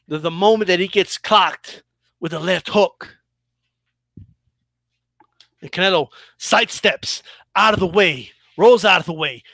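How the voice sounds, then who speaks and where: A man runs his own boxing channel, offering casual, animated commentary laced with mockery and frequent restarts. His voice is high-pitched, and there's no echo.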